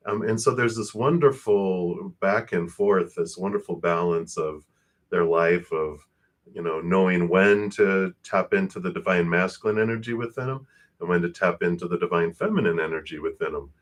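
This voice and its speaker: Fast-talking man with a low voice. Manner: fast, breathless spiritual talk with laughs. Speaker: tarot card reader. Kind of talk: live-streamed tarot reading.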